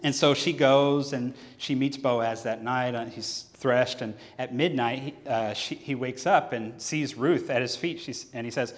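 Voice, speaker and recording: A man's voice: mid-range voice, normal speed. A man preaching a sermon on a microphone in a church sanctuary during a service, telling a scripture story and acting out its dialogue. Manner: animated storyteller who acts out the scripture dialogue. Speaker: pastor. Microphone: handheld or headset microphone. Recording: reverberant church hall.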